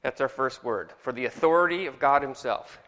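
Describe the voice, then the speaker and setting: Man, Bible class teacher, jokey, quizzes the class, bright voice, long reverb. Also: medium pitch, brisk. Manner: jokey, asks the class questions.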